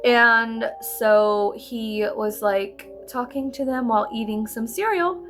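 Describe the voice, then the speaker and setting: Brief: thirties woman, chatty makeup vlogger, gravelly, a bit high, music playing under her. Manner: animated, swearing, giggly storyteller. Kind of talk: casual chat while doing makeup.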